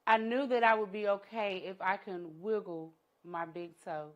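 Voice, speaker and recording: A middle-aged woman giving a talk, telling her personal story as an entrepreneur and educator, with dramatic pauses and hushed moments. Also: mid-range voice, fairly even intonation. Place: conference room.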